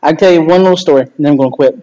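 A pastor preaching a sermon in an animated, conversational way, acting out quoted lines as he goes. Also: a little high, rapid-fire, muffled recording.

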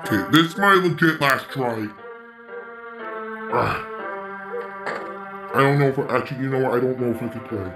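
A man's voice: mid-range voice, normal speed, long pauses, roomy sound, over music, poor audio. A man giving let's-play commentary on a game, swearing and venting frustration between plays. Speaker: gaming YouTuber.

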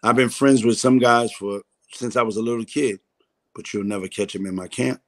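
A man's voice: medium pitch, steady tone, moderate pace. A man, a comedian guest in a casual interview, telling a story candidly, swearing freely and acting out the voices he quotes.

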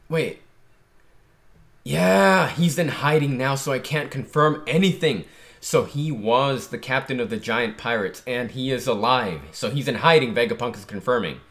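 A man giving excited, casual commentary while reacting to a comic chapter, hyped and animated, often saying "dude". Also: medium pitch. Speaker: manga reaction streamer.

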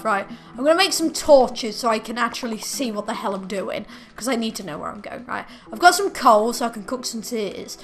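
A woman giving excitable let's play commentary, often shrieking and scolding her pet dog in the game. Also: fairly high pitch. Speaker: gaming video creator.

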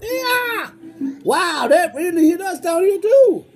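A high-voiced woman with a very lively pitch gives goofy, exclamatory commentary on a game. Her tone is warm and mellow, and faint music plays behind her. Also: a little slow. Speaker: gameplay commentator. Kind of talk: playful gameplay commentary.

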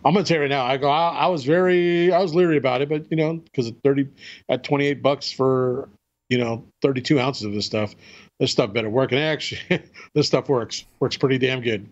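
A man's voice: medium pitch, fairly quick, dull audio. A man co-hosting a podcast in casual chat, easygoing and rambling, often restarting his sentences. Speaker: podcast co-host.

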